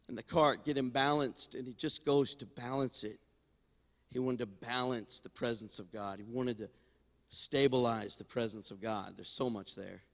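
Animated male pastor preaching. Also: mid-range voice. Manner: animated storytelling, swinging loud to quiet. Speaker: senior pastor. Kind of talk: sermon. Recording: long hall reverb in a sanctuary.

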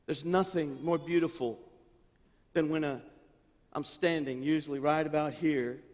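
A male pastor preaching a sermon, swinging between fervent, near-shouted passages and quiet, chatty storytelling. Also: on the high side, fairly even intonation, a little slow, long reverb tail. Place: church sanctuary.

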